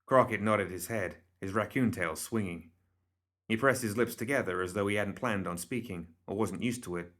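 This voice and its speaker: A man with a fairly low voice narrates a story in a steady, measured way. His delivery is scripted and even. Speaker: reader.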